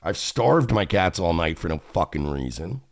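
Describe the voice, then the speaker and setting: A man's voice: deep voice, very animated, normal speed, no room sound, studio quality. A man hosting a radio show, telling a profane, exasperated story and acting out both sides of the conversations. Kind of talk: casual storytelling rant.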